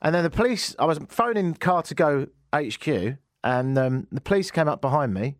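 A man hosting a radio show, telling a joking story in an animated way from a studio. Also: a little high, moderate pace, no echo. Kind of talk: comic radio monologue.

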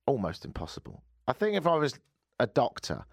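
A man's voice: medium pitch, huge pitch swings, brisk, creaky, husky, no echo, clean studio sound. Sarcastic British-born man hosting radio. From United Kingdom. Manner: wry, self-mocking, sarcastic asides. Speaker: radio show host. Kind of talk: casual chat show banter. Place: radio studio. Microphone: studio microphone.

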